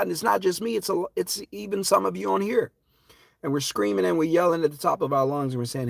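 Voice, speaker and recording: A man hosting a live stream, talking in an impassioned, preachy way that swings from loud to hushed. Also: fairly high pitch, fast, gravelly, dry recording, studio quality.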